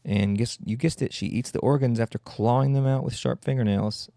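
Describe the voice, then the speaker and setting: A man's voice: medium pitch, steady tone, fairly quick, gravelly, dark tone, no room sound, studio quality. A man hosting a solo comedy podcast, rambling and mocking in a sarcastic tone. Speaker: podcast host.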